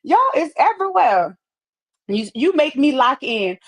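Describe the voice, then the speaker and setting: In this motivational live-stream chat, a woman speaks into a wireless earpiece, answering viewer comments with upbeat encouragement and often repeating phrases for emphasis. Her voice is high, with big pitch swings, and she takes her time.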